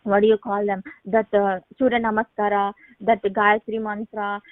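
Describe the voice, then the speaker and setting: A woman around thirty giving a halting personal faith testimony on a phone call, with many restarts and repeated words. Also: medium pitch, level tone, dry recording. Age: late 20s to 30. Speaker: testimony speaker on a prayer line. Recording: tinny phone line, dry.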